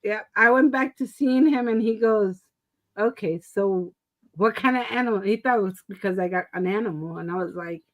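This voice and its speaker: This woman's voice sits in the mid-range and moves at a normal speed, though the audio quality is poor. She's middle-aged, has asthma and COPD, and co-hosts a casual stream where she tells a lively story, laughing a lot and performing the quotes.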